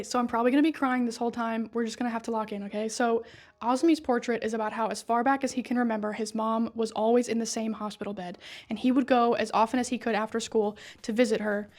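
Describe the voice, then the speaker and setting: Excitable young woman recapping a story. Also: fairly high pitch. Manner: excited, swears a lot, acts out quotes. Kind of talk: casual game story recap.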